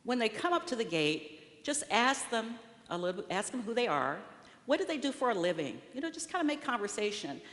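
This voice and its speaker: A woman voicing an old male saint at the gates, bossy and hurried, giving brisk, offhand instructions in a long-echoing hall. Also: fairly high pitch, big pitch swings, a bit bright, pitched above the performer's own voice.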